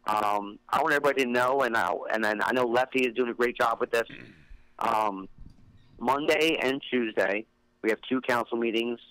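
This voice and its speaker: A man with a Philadelphia accent hosts a casual podcast chat, rambling and restarting his sentences. His voice sits at an ordinary pitch, and the sound is dry and close, with no room echo. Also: normal speed, bright, forceful tone, clear, resonant tone. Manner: rambling, many fillers and restarts. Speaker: podcast host.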